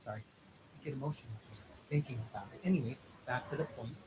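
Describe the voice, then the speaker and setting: A man's voice: mid-range voice, quick pace. A man doing a casual reaction commentary, translating and explaining, who gets worked up and swears as he talks. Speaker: video commentator. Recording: mic from far off, loud noise behind.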